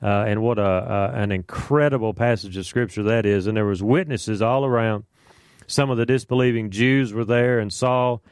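Smooth-voiced man teaching Bible study. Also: fairly low pitch, normal speed, a little mellow, dry recording, clean studio sound. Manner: conversational, with fillers and asides.

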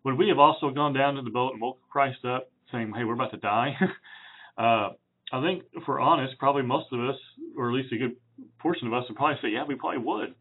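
A man preaching through a Bible passage in a relaxed, chatty way, with fillers and self-corrections. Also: mid-range voice, a little fast. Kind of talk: conversational Bible teaching. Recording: tinny phone-like sound.

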